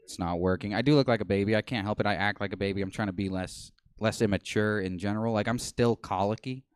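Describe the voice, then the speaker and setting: A man in his twenties doing a deadpan, self-mocking stand-up set on a small comedy stage. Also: on the low side, quick pace, clean tone, dry recording, clean studio sound. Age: 20s.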